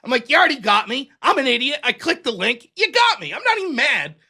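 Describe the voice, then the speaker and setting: Man, show host, high voice, bright tone, animated profane storytelling. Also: fast, breathy edge. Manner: animated, acts out both sides of dialogue; profane, self-mocking. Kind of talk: casual storytelling.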